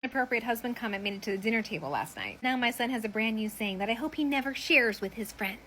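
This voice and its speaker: A woman's voice: a little high, quick pace, a little hiss or hum. A woman in her thirties telling comedic stories about her family to the camera, acting out everyone's voices. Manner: animated, acts out voices of family. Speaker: social media storyteller.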